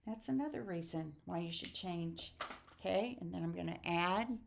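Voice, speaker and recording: An older woman, about sixty, hosting an online card-making class at a relaxed, chatty pace. She talks the viewer through each stamping and coloring step in a homey way, slipping in snippets of song and easy laughs. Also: on the low side, normal speed, vocal fry, a little hiss or hum. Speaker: crafting class host. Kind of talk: casual craft demonstration.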